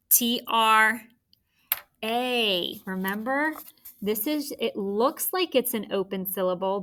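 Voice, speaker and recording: A woman's voice: medium pitch, pushed and bright. A woman teaching a phonics and spelling lesson, encouraging and spelling words out letter by letter.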